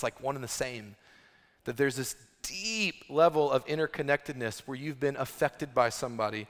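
A man's voice: mid-range voice, a bit bright. A man preaching a sermon as pastor, in a conversational way full of "like" and restarts. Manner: conversational, lots of "like" fillers and restarts. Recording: long reverb of a large hall.

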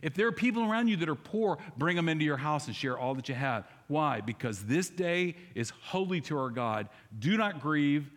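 A man preaching a sermon to a congregation in a church, animated and speaking straight to the people with rhetorical questions. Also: on the high side, normal speed, few pauses, in a large hall. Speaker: pastor. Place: church sanctuary.

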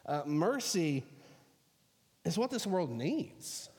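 A pastor preaching a sermon, telling a story in a relaxed, conversational way full of fillers. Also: male voice, fairly high pitch, slow, big-room sound.

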